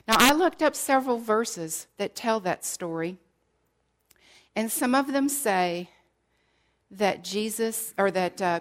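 Middle-aged woman preaching slow and earnest, her own story, goes near whisper on the painful bits. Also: medium pitch. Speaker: speaker sharing her testimony. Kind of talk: emotional sermon storytelling.

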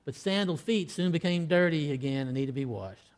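A man preaching a sermon, acting out scripture dialogue, with loud emphatic peaks that fall to hushed, low line endings. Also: a little fast. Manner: acts out quoted lines in old-fashioned scripture wording.

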